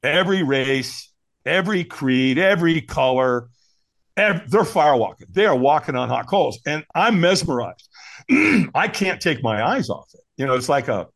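Animated storytelling man. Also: on the high side, normal speed, vocal fry. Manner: animated, acts out quoted voices. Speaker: podcast guest. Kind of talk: storytelling in casual conversation.

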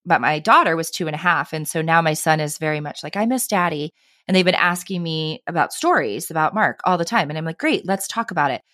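A woman's voice: deep voice, fast talker, hardly any pauses, bright, forceful tone, dry recording, clean studio sound. A woman in her thirties, a podcast guest, telling personal stories earnestly and with animation, often adding "right?" and "I mean". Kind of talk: conversational interview.

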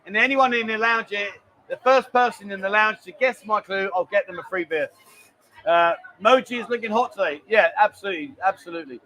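A man's voice: high voice, brisk, pushed and bright. A man hosting a live stream from a busy bar, chatting and joking as he reads out viewer messages. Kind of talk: casual live stream chat.

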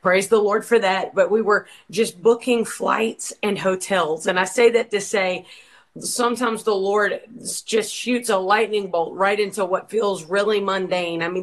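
A woman with a mid-range voice, heard on poor-quality audio, speaks in an interview. She is from Georgia, USA, a worship leader and ministry co-founder, and she gives a passionate, preacher-like testimony about her ministry.

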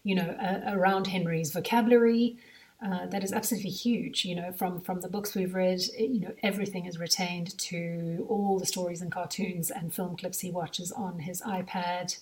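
A South African woman talks through her podcast in a loose, chatty way, wandering into asides as she thinks aloud. Her voice sits fairly low for a woman. She sounds a little set back from the microphone. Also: steady tone, normal speed, a little mellow, distant mic. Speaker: podcast host and mother. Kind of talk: casual podcast monologue.

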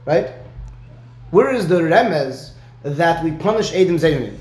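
A man with a somewhat high voice teaches Talmud one-on-one, walking through the reasoning step by step. He keeps checking in with his student by asking "right?". The recording has a roomy echo. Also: lively intonation, unhurried, darkish tone.

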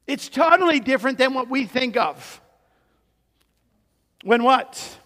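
A man's voice: very high voice, expressive, a little slow, long pauses, bright, forceful tone. A man preaching an expository sermon, emphatic and given to rhetorical questions and repeated words. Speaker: pastor. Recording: long hall reverb.

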